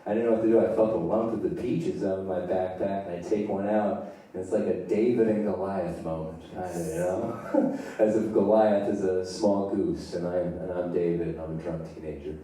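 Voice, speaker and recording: A man's voice: low-pitched, fairly even intonation, normal speed, warm tone. Laid-back young man telling stand-up, echoey. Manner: loose, swearing, laughing at his own story. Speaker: stand-up comedian. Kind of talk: live stand-up storytelling. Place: theater stage. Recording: echoey theater from far off.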